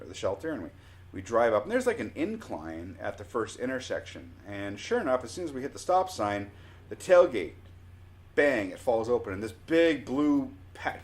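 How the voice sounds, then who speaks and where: A Canadian man in his forties telling a personal anecdote in a casual, animated way, often restarting his sentences. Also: fairly low pitch. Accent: Canadian English. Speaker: storyteller.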